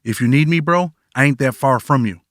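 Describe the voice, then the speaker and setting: A man voicing a tough, foul-mouthed prison mentor who lectures a new arrival without sugarcoating anything, in a plain mid-pitched voice. the sound is dry and close. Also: brisk, fairly bright tone, no echo, close to an everyday voice. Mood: blunt, urging. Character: blunt streetwise male fellow inmate, older mentor.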